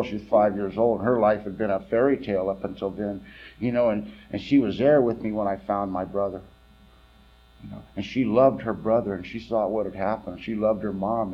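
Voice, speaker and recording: A man's voice: fairly low pitch, highs cut off. A man from California giving candid, wry personal testimony at a recovery meeting, rambling with many fillers.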